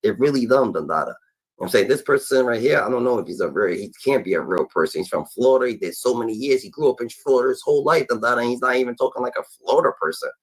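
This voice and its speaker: A man's voice: medium pitch, animated, quick pace, husky, poor audio. A man giving casual reaction commentary, rambling and filling gaps with repeated "da, da, da" and stammered starts.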